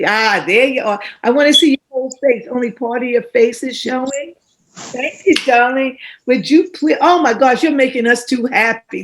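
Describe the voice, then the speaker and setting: A woman's voice: on the high side, low-quality recording. A woman moderating an online panel, who encourages speakers in a churchy call-and-response manner over a video call.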